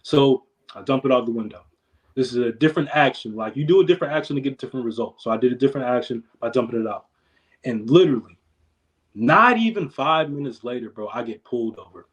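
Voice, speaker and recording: A man's voice: medium pitch, animated, quick pace. Laid-back young man telling a story. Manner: laid-back slangy storytelling, trailing off quietly. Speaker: podcast guest. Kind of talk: casual chat.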